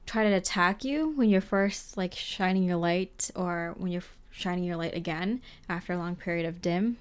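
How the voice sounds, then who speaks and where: Smooth-voiced woman giving a tarot reading. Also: lowish voice, normal speed. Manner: gentle, reassuring, rambling with many fillers. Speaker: tarot reader. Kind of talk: casual spoken tarot reading.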